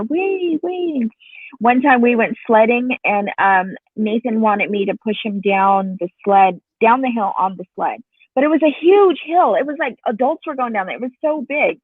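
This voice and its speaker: A woman's voice: fairly high pitch, no room sound. A woman chatting in a support group call, telling family stories with lots of laughter. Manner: animated storyteller, laughs often, acts out quotes. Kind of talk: casual chat. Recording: tinny phone line, dry.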